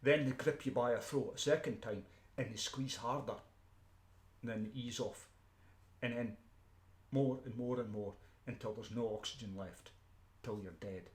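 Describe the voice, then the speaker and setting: Scottish guy ranting off the cuff, middle pitch, keeps restarting and clearing his throat, roomy echo. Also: moderate pace. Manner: emphatic, repeats himself, frequent restarts and throat-clearing. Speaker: street preacher. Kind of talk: unscripted ranting monologue.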